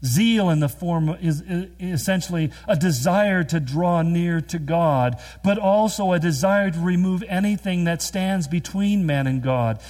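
Earnest preaching man, slightly high voice. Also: a little mellow. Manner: earnest preaching with rising emphasis and quick storytelling asides. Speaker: pastor. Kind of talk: sermon.

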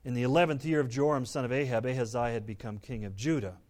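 A man preaching a sermon, reading scripture aloud and explaining it, turning dramatic and loud on the quoted speech. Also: mid-range voice, steady tone, fast talker.

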